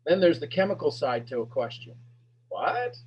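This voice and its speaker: A man coaching a sales master class, firing emphatic, repetitive questions at his audience and pushing his voice up toward a shout. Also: on the high side, very animated, normal speed, muffled recording, a little hiss or hum. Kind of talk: animated teaching talk to an online audience.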